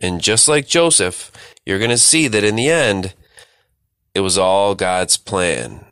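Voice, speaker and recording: A man's voice: on the low side, expressive, slow pace, fairly bright tone, smooth, no room sound, clean studio sound. A man leading a Bible study, reading scripture and exhorting listeners earnestly.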